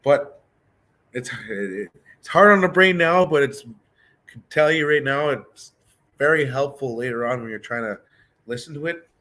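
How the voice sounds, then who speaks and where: A man teaching a casual beginner language class, talking in a relaxed, chatty way and thinking aloud with frequent restarts. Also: mid-range voice, moderate pace, pauses often.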